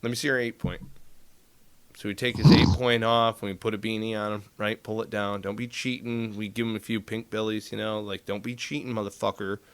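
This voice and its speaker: A man spins a war story in relaxed conversation. His talk is salty and lively, and he jumps into the voices of the people in the tale. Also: lowish voice, brisk, few pauses, clear, resonant tone. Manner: profane, animated, acts out dialogue. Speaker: podcast guest telling military stories. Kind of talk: casual storytelling.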